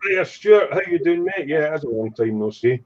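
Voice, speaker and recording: A man's voice: fairly high pitch, lively intonation, moderate pace. Male stream host, chatty and jokey, lo-fi audio. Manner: chatty, jokey, reads out chat messages. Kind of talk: casual live chat.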